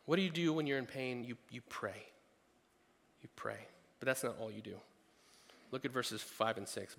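A man's voice: mid-range voice, normal speed, gravelly, a bit bright. A man preaching a sermon as a pastor, earnest and conversational, with frequent restarts. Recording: long hall reverb.

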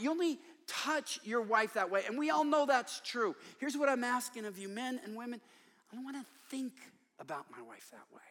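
A man's voice: extremely high pitch, sharp tone, big-room sound. An older man preaching a sermon in a large church, telling stories with humor and emphasis. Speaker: conference speaker and author.

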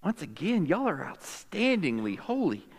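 A man preaching a sermon to a congregation, animated and jokey, with quick asides to the crowd. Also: high-pitched, husky, in a large hall. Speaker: pastor.

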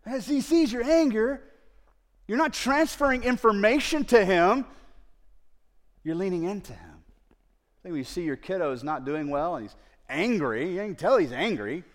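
A man preaching a sermon as a pastor, in a relaxed conversational way with frequent fillers and sudden emphatic rises on key phrases. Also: high-pitched, normal speed, long pauses.

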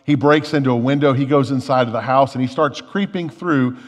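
A man's voice: medium pitch, brisk. Man preaching in an echoing church. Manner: conversational, repeats words while thinking, tells a joke story. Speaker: lead pastor. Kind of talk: sermon.

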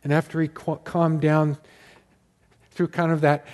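Slow, earnest preacher man. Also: on the high side, level tone, a little mellow. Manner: slow, earnest storytelling with emphatic repetition. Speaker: pastor. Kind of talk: sermon.

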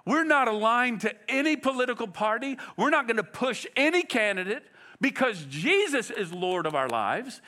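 A man's voice: very high voice, very animated, normal speed, bright, forceful tone. A male pastor preaching a sermon, emphatic and asking his listeners direct questions.

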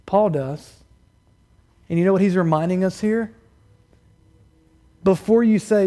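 High-voiced preacher asking pointed questions. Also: male voice, normal speed, pauses often. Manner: asks the congregation many direct rhetorical questions; rises loud and high for emphasis, drops quiet and low to press a point. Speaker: pastor. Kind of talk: sermon. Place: church.

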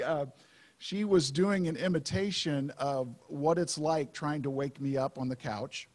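A man preaching a sermon as pastor, in a conversational, unhurried way with frequent fillers. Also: mid-range voice, a little mellow.

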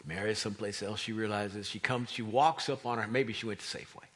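A man's voice: fairly low pitch, fairly even intonation, brisk, a bit bright, slightly rough. A man preaching a sermon, retelling a story and acting out the voices of the crowd. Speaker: pastor.

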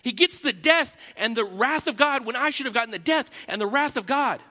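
A man, a pastor, preaching a sermon, swinging from loud emphatic lines to quiet, intimate asides. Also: very high-pitched, lively intonation, a little fast. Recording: long reverb of a large hall.

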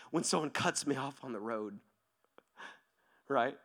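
Male preacher, bright and forceful tone, chatty sermon delivery with big swings from loud to whispered. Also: mid-range voice. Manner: animated, conversational, asks "right?" constantly; swings from near-shouting to hushed whispers. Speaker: pastor.

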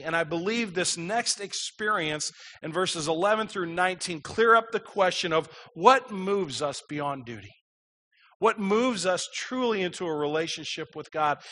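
A man's voice: sits high, sharp tone. A man preaching a sermon, reading scripture aloud and explaining it, his voice rising with emphasis.

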